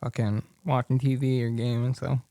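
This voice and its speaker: A man's voice: medium pitch, level tone, moderate pace, mellow, no room sound, studio quality. A man co-hosting a podcast in casual chat, rambling through a story with lots of swearing and laughter. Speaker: podcast co-host.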